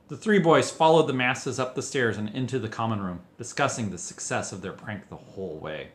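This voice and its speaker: A man reading a fanfiction story aloud as an expressive storyteller. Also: mid-range voice, a little fast, hardly any pauses. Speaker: fanfiction reader. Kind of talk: audiobook narration.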